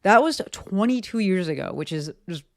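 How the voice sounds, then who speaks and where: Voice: mid-range voice, expressive, normal speed. A candid, chatty podcast host from New Jersey, talking solo about business. The delivery is loose and conversational, full of fillers and the odd swear word. It is recorded in a home office.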